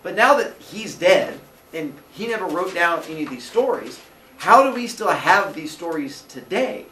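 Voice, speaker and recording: A young man teaches his class, telling a story playfully and slipping in voices for the characters. His pitch swings widely, and the room gives an echoey sound over a faint background hiss. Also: big pitch swings, moderate pace, bright, forceful tone, far from the mic.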